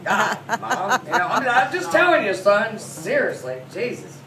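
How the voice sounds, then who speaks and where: A woman's voice: medium pitch, very animated, measured pace, a crowd in the background. A woman in her forties telling brash, profane comedy stories about her son and her massage clients, laughing through her lines. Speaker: massage therapist. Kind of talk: stand-up comedy storytelling. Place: comedy club. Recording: echoey room, mic from a distance, noisy.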